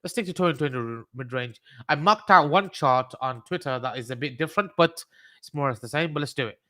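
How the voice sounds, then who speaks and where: A man's voice: mid-range voice, a little fast, bright, forceful tone, dry recording, clean studio sound. A man with a Birmingham accent hosting a trading livestream, talking through charts in a rambling, casual way, swearing and joking with his chat. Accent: Birmingham English.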